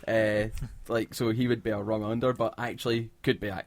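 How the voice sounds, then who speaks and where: A man's voice: fairly low pitch, little pitch movement, normal speed. A man co-hosting a comic podcast in casual chat, who jumps in and apologises for interrupting.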